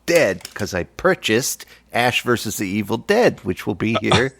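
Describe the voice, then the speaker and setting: A man's voice: on the low side, big pitch swings, a little slow, gravelly, a bit bright, slightly rough. A man co-hosting a podcast, chatting casually and teasing his friend with jokes. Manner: joking, teasing, playful. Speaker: podcast co-host. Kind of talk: casual chat.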